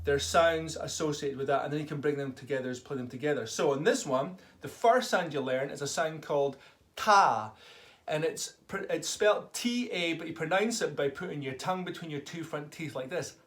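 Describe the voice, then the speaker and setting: A man's voice: a little high, normal speed, fairly bright tone. A man teaching a tabla lesson to children, enthusiastically calling out drum syllables for them to repeat. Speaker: tabla tutor. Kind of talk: online music lesson for children.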